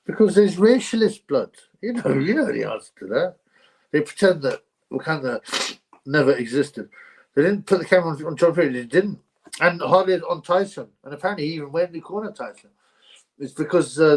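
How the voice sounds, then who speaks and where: A man's voice: a little high, breathy edge. A man hosting a casual livestream, reading out viewer comments in a chatty, rambling way and laughing often. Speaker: livestream host.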